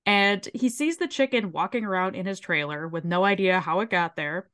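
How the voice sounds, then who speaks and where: A woman with a sore throat, co-hosting a podcast and recapping a show in an animated, swearing retelling. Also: medium pitch, moderate pace. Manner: animated, swears freely, briefly mimics characters while retelling. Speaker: podcast co-host. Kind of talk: casual chat recapping a show.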